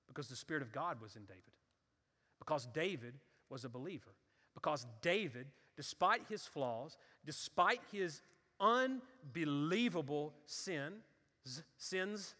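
Male pastor, high and bright, dramatic sermon delivery. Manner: animated storytelling, acts out voices, builds to fervent intensity. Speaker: preacher. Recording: reverberant hall.

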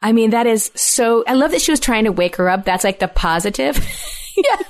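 A woman's voice: a little high, lively intonation, moderate pace. A woman hosting a casual podcast chat, retelling listener stories and asking her co-host questions. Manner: warm storyteller reading listener stories.

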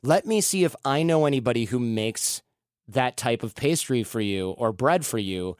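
A man's voice: medium pitch, animated, moderate pace, no echo. Male host, storytelling delivery, dry close-mic sound. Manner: storytelling, acts out quoted dialogue. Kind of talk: casual conversational advice.

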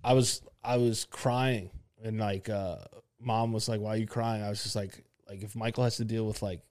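A man's voice: fairly low pitch, steady tone, moderate pace, darkish tone. A young man co-hosting a podcast, talking in easygoing, slangy, profane casual chat. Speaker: podcast co-host.

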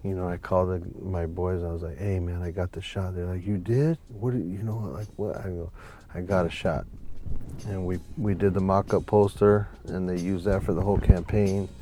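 A man's voice: low-pitched, moderate pace, slight background noise. A man, a photographer guest telling a long story in a casual, profane interview. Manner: profane, animated anecdote with quoted voices.

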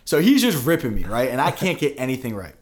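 A man's voice: medium pitch, big pitch swings, fast. A young man hosting a sports podcast, telling a long story in a rambling way full of "like"s. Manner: rambling, filler-heavy anecdote telling with many "like"s. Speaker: podcast host. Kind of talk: casual storytelling chat.

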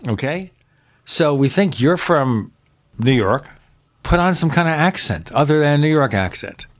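A man's voice: a little high, animated, a little slow. A man hosting a podcast in casual chat, talkative and opinionated, piling up examples. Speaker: podcast host. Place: home in Arizona.

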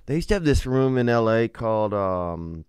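A man on a podcast, telling stand-up road stories in a casual, animated, slangy way. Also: mid-range voice, normal speed, smooth, no echo, clean studio sound. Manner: animated, slangy, peppered with "bro" and "dude". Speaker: comedian on a podcast. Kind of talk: comedic storytelling in casual chat. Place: podcast studio.

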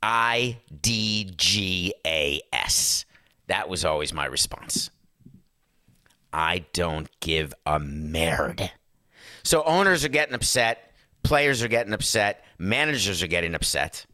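Hoarse, fired-up male sports talk host. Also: sits low, sing-song, takes it slowly, pushed and bright, no room sound, clean studio sound. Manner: fired-up, sarcastic, emphatic. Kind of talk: impassioned talk-show rant.

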